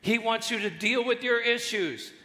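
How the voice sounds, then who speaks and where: A male guest pastor preaching a sermon with animated delivery and jokes, in a large church hall. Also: very high voice, normal speed. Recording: echoey church hall with long reverb.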